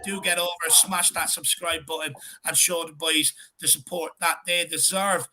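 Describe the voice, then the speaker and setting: An Irish man hosting a casual fan podcast, quick and upbeat. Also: a little high, fairly even intonation, pushed and bright. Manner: quick, upbeat, fills in with short mms. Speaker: host.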